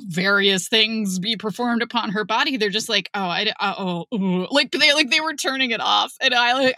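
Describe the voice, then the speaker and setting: Bright, blunt woman telling stories. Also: mid-range voice, dry recording, clean studio sound. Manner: animated storyteller, blunt. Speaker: author and former school staff. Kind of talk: casual podcast chat.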